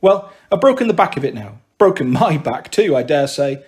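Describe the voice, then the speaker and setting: A man's voice: on the high side, sing-song, normal speed, darkish tone, voice pushed down. A man reading a story aloud, voicing a harried mother who scolds her daughters in an exasperated way. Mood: weary. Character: harried, emotional working-class mother. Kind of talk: audiobook reading.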